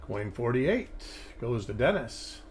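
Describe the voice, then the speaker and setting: Relaxed man hosting a coin livestream. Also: mid-range voice, takes it slowly, a little hiss or hum. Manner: relaxed, rambling, thinking aloud. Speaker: coin hunting livestream host. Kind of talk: casual live commentary.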